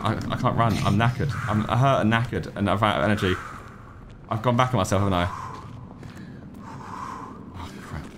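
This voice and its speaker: A man's voice: lowish voice, moderate pace, long pauses, background noise. A man in his thirties giving let's-play commentary, jumpy and swearing, talking to himself and the game. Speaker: gaming YouTuber.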